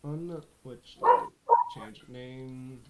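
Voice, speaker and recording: A man narrating as game master of a tabletop role-play session, often pausing and restarting his phrases. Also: medium pitch, fairly even intonation, a little mellow.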